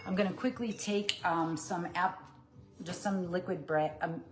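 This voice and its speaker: A woman hosting a casual cooking livestream from her kitchen, talking while she chops and cooks. Her voice sits a little low, and she stays upbeat and chatty, calling her viewers "you guys" as she coaches them on plant-based eating. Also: steady tone, measured pace, music in the background. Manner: talks while chopping and cooking.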